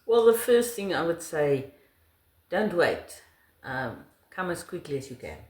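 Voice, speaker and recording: A woman's voice: deep voice, big pitch swings, a little slow, a little mellow. South African woman, echoey room. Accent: South African Afrikaans. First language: Afrikaans. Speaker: interviewee. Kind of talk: casual interview.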